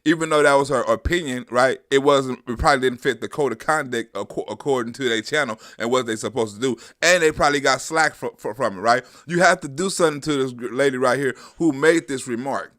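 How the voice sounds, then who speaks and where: Male livestream host, bright forceful voice, casual chat-driven commentary. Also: mid-range voice, a little fast, hardly any pauses. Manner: loose and profane, talks to the chat.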